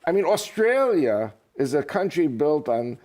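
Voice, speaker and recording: A man's voice: a little high, measured pace. A man talking as a guest in a casual interview, telling jokes and stories. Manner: animated, joking storyteller. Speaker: guest speaker.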